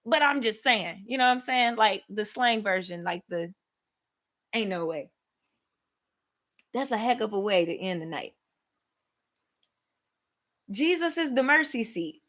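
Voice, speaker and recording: Lively high-voiced woman leading Bible study. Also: moderate pace, pauses often. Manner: animated, laughing, talks to viewers as y'all. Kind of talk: livestream Bible study, excited casual teaching.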